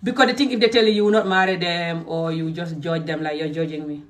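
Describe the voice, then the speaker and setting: A woman from Gambia giving an angry, emphatic rant to her followers, swinging between loud outbursts and low muttering. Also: fairly even intonation, fast talker, recorded from a distance. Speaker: social media creator. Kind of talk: angry direct-to-camera rant.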